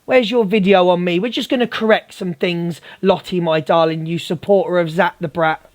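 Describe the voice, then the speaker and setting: A man's voice: high voice, fairly even intonation, moderate pace. A man hosting a livestream, ranting confrontationally at a viewer and repeatedly calling her darling. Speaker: livestream host. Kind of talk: heated livestream rant.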